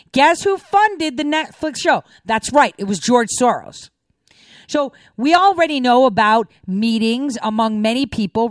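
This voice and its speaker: A woman's voice: a little high, no echo. Indignant woman ranting, dry close sound. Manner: indignant, ranting, rhetorical questions. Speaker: political commentator. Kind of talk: opinionated monologue.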